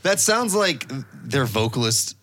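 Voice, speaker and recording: A man's voice: mid-range voice, big pitch swings, measured pace, heavy background noise. A man guesting on a podcast, riffing and joking in casual chat with casual swearing.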